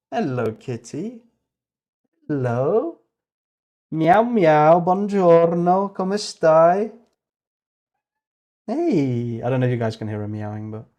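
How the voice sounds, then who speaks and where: Rambling British man, low voice. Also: darkish tone. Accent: British English. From Britain. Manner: muttering, rambling, self-correcting. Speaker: livestreamer. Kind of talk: casual livestream, thinking aloud while coding.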